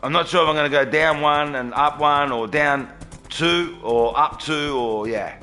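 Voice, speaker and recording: A man's voice: a little high, unhurried, sharp tone, faint music behind. A man live-streaming a game from his home studio, chatting casually and greeting viewers by name.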